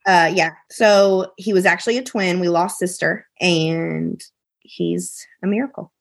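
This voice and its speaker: A woman, a podcast guest telling an emotional personal story, animated and quoting people in a raised voice. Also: lowish voice, unhurried, gravelly.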